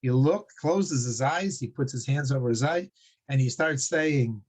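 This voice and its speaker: A man teaching a Torah class, telling stories in a halting way with many restarts and frequent chuckles. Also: medium pitch, darkish tone. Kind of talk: religious class with storytelling.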